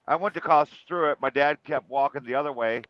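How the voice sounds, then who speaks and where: A man's voice: fairly high pitch, a little fast, no room sound, muffled recording. A man casually telling a personal story in a chat, rambling with fillers and restarts.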